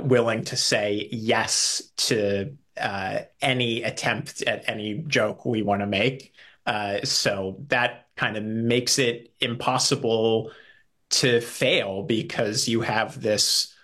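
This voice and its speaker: A man's voice: mid-range voice, a bit bright. A man who acts on a comedy series, chatting in an interview in an upbeat way and laughing often. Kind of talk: casual interview chat.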